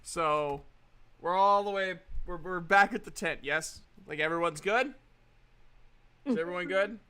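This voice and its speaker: Man running a tabletop game, excitable, laughs a lot, high bright voice. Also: a little slow, smooth. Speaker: game master.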